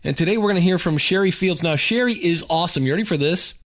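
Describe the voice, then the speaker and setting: A man's voice: high voice, fast. Upbeat chatty male podcast host. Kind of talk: casual podcast monologue.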